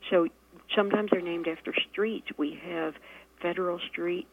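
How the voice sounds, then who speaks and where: Low-voiced woman on a phone line. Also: steady tone, moderate pace, vocal fry. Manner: hesitant, explaining with many fillers, laughs easily. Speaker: guest. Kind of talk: phone-in radio interview.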